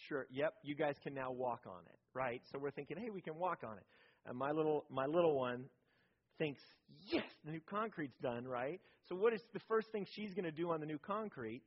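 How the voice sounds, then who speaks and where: A man preaching a sermon in a conversational, storytelling way, often checking in with his listeners by asking "right?". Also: fairly high pitch. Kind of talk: sermon on parenting. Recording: dull lo-fi recording.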